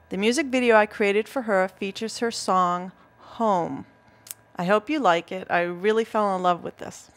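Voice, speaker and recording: A woman's voice: medium pitch, a bit bright. Chatty Boston woman co-hosting. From Massachusetts. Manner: chatty, laughs easily, enthusiastic storytelling. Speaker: co-host. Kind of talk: casual chat.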